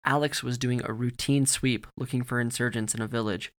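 A man reading a story aloud in a steady, grave narrating manner. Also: mid-range voice, a little fast.

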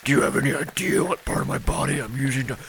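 A man voicing a crude, brash, bat-winged male creature with a raspy, gravelly voice. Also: mid-range voice, quick pace. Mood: irritated. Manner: brash, mocking, loud.

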